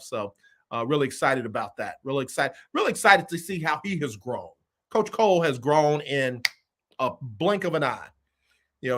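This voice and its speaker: A man hosting a casual sports talk show, running through his football picks in a lively way and repeating his phrases. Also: fairly high pitch. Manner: animated, repeats phrases, Southern US Black vernacular.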